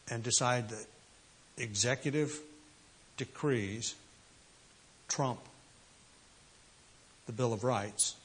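A man's voice: medium pitch, breathy edge. A man preaching a sermon, emphatic and full of rhetorical questions. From United States. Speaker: pastor.

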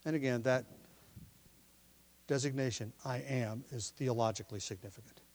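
A pastor preaching a sermon, explaining the text from his notes and pressing his listeners with forceful questions. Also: mid-range voice, fairly even intonation, normal speed. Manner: teaching from notes, explains word meanings.

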